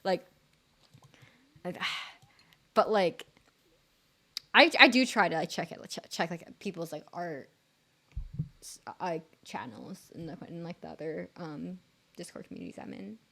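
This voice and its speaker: Lively, rambling young woman streamer. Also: on the low side, unhurried, vocal fry, long pauses. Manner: rambling, filler-heavy, giggly, self-deprecating. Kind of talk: casual live-stream chat.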